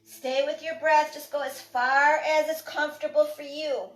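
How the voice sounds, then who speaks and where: Calm woman cueing breath, roomy and distant. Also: high-pitched, moderate pace. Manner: calm cueing, breath-paced, short spoken commands. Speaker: yoga and breathwork instructor. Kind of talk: guided movement class instruction. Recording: echoey room from far off.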